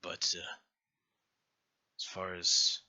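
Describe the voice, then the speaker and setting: A man voicing a weary male rebel leader who talks in a gruff, grim, worn-down way. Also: extremely slow, sharp tone, dull audio, exaggerated voice. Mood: brooding.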